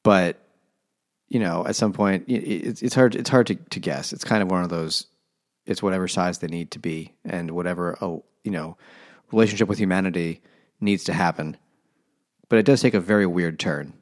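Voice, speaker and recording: A man's voice: sits low, normal speed. A man co-hosting a podcast, chatting casually and wryly about a book, rambling and laughing often. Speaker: podcast co-host.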